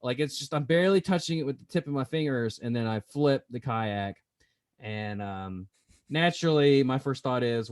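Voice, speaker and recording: A man hosting a podcast in casual chat, telling stories in a playful, animated way. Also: medium pitch, moderate pace. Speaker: podcast host.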